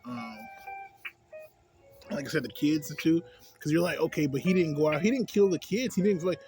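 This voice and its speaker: Man, casual movie review vlog, slangy profane rambling, fairly high voice, loud music behind. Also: normal speed. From a city. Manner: slangy, profane, loose, full of filler tags. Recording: music playing loudly behind.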